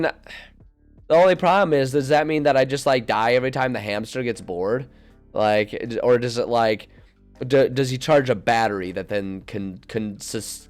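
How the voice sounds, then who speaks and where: A young man streaming, thinking aloud in a casual, rambling way with frequent laughs and filler words into a desk mic. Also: lowish voice. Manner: animated and rambling, laughs often, many fillers. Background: faint music.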